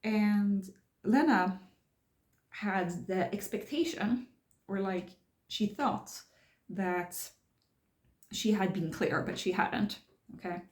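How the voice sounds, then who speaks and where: A woman's voice: medium pitch, takes it slowly, long pauses. A woman casually talking through a book she is reading, explaining it step by step as she thinks aloud. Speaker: channel host discussing a self-help book. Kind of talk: casual spoken book commentary. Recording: roomy echo.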